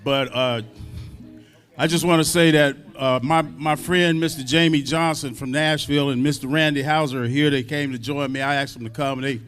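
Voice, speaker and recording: A man with a fairly high speaking voice tells a story to a crowd at a public event. He talks loosely and with humor, drops casual curses, and acts out the people he quotes. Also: fairly even intonation, moderate pace, clean tone, soft background music. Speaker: drummer and guest speaker.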